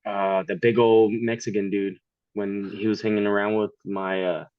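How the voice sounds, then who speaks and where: A man's voice: on the low side, little pitch movement, normal speed, dry recording. Blunt, swearing man with lo-fi sound. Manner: blunt, profane, laughs often. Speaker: podcast guest. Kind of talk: casual chat.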